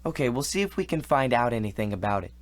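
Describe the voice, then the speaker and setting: A man's voice: mid-range voice, very animated, fast talker, no echo, lightly acted. A man voicing a polite, earnest teenage boy detective in a video game.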